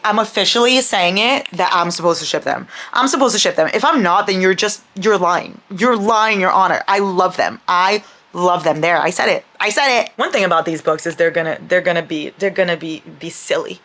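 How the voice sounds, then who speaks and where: A young adult woman chatting casually in a reading vlog, excitable and gushing, laughing often and swearing freely. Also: fairly low pitch. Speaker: book vlogger.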